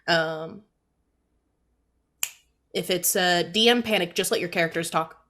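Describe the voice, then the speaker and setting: A woman's voice: lowish voice, measured pace, bright, forceful tone. Chatty young woman, rambling and laughing. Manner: rambling, self-interrupting, laughs often. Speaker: voice actor guest. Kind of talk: casual chat on a stream.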